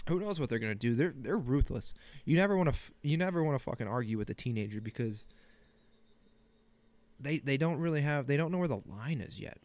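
A man's voice: medium pitch, animated, a little fast, darkish tone, no echo. A man in his thirties hosting a casual solo podcast from a small cold home office, joking, self-deprecating and rambling, with a slight sniffle. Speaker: podcast host.

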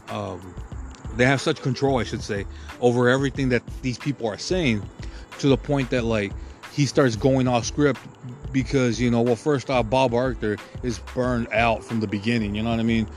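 A man's voice: mid-range voice, fairly even intonation, moderate pace. Man, podcast host, crude heated rant, rambling, faint music underneath. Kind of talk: profane ranting monologue.

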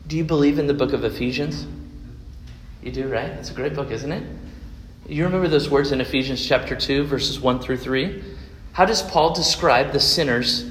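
A man preaching a sermon, asking his congregation rhetorical questions between dramatic pauses. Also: mid-range voice, slight background noise. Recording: echoey hall with long reverb.

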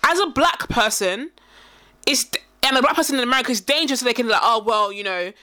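A woman co-hosting a podcast in casual chat, animated and acting out quoted voices as she talks. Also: fairly high pitch, fast talker. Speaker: podcast co-host.

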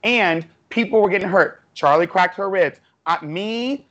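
A woman hosting a casual streamed chat over a video call, talking in an animated way and laughing often. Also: medium pitch, a little slow, lo-fi sound. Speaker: host.

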